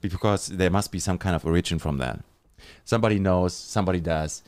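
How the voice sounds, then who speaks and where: A man's voice: deep voice, a little fast, a little mellow, no room sound. A man with a German accent hosting a live podcast, reading sponsor spots and chatting with a guest in an upbeat, hyping way. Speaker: podcast host. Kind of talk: live podcast chat and read ads.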